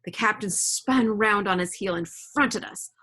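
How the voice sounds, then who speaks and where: Husky-voiced teacher reading aloud. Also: female voice, medium pitch, a little slow, pushed and bright. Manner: casual, chatty explanations with check-ins. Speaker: middle school teacher. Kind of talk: reading a novel aloud and explaining it to students. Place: home.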